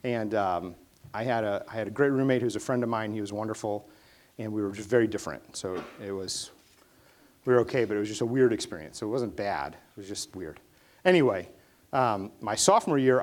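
Speaking fast in a lowish voice, a male pastor delivers his sermon like a casual story. Key points get emphatic bursts in this conversational preaching.

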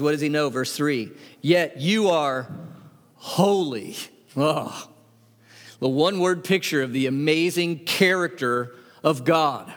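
A man's voice: animated, measured pace. A man preaching a sermon, earnest, putting direct questions to the congregation and reading scripture aloud with feeling. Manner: earnest, rises in pitch when reading the psalm aloud. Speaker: pastor. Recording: long hall reverb.

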